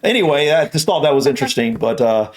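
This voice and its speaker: Animated American man hosting a reaction. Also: mid-range voice, fast talker. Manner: animated, playfully trying out sounds. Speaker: reaction channel host. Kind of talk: casual reaction chat.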